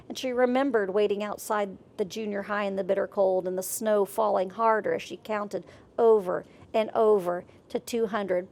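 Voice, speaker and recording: Woman reading a story out loud, expressive and wry, bit of vocal fry, mid pitch.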